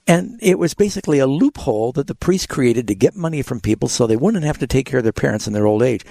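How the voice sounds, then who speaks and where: A man's voice: medium pitch, animated, fast talker, creaky, warm tone, no echo. A man hosting a call-in Bible radio show, patiently explaining scripture to callers with frequent fillers. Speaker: radio Bible program host.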